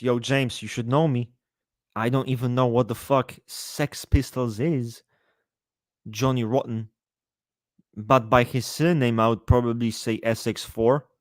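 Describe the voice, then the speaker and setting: A man chatting casually on a live stream, answering his chat in a profane, rambling, animated way. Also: medium pitch, no room sound, clean studio sound.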